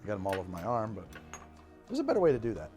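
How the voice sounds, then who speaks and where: A man's voice: lowish voice, very fast, over music. A man hosting a cocktail show, chatting casually as he mixes and tastes drinks, rambling and restarting his sentences. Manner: rambling and animated, trailing off and restarting. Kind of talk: casual chat while mixing drinks.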